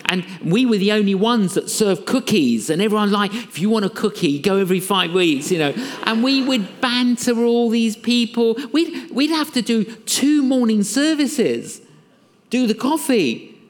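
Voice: medium pitch, normal speed. A preacher, telling a story from the pulpit and acting out the dialogue with laughter. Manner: animated, acts out dialogue with laughter. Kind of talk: storytelling sermon. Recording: long reverb of a large hall.

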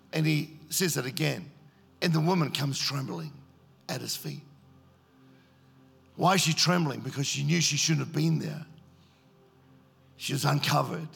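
A man's voice: on the high side, vocal fry, a bit bright, slightly rough. A man preaching a sermon, telling the story and acting out its scenes in character voices. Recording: echoey hall.

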